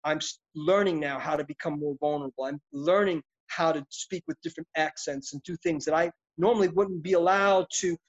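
A middle-aged man, an actor being interviewed, talking in an intense, passionate, reflective and rambling way. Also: a little high. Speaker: actor guest. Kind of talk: interview conversation. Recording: dull lo-fi audio.

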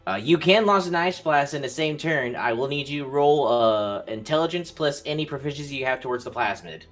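A man narrates a tabletop game as its game master, easygoing and peppered with fillers. His pitch sits in an everyday middle range. A faint bed of music plays behind him. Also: a little fast, a bit bright. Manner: casual, swears, many "like" fillers.

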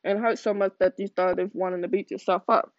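A man's voice: high voice, fairly even intonation, a little fast, no echo. A man hosting a podcast, giving an earnest, slangy motivational monologue that often corrects itself along the way. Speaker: podcast host. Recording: dull, dry lo-fi audio.

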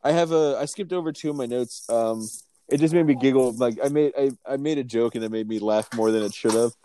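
A man's voice: medium pitch, fairly quick, mellow, no room sound. A man co-hosting a casual podcast, joking and swearing as he talks a movie over from his notes. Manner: joking, profane, reads from notes. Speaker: podcast co-host. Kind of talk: casual movie-discussion chat.

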